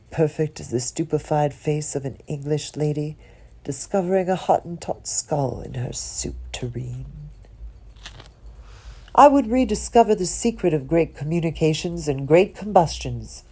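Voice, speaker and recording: A woman giving a slow, dramatic poetry reading, expressive and dropping some words to a whisper. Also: low voice. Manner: lingers on and repeats single words. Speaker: poetry reader.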